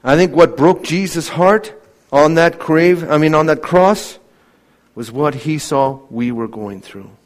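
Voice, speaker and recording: Impassioned preacher, man with high voice. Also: measured pace. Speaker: pastor. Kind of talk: evening sermon to a congregation.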